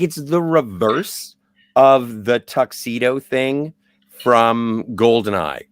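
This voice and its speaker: A man's voice: medium pitch, dry recording, studio quality. A man co-hosting a podcast, talking about films in an enthusiastic, rambling way full of "like". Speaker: podcast co-host. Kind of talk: casual movie chat.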